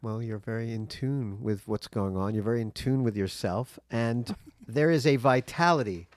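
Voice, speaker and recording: A man's voice: mid-range voice, no echo, studio quality. A man hosting a podcast, speaking in an earnest, encouraging way to his guest. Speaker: podcast host. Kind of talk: casual chat.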